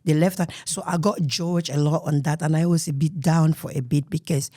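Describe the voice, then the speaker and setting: A woman with a Cameroonian accent telling her life story as an interview guest, earnest and emotional, often dropping to a soft murmur. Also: deep voice, fairly even intonation, normal speed, no room sound, studio quality.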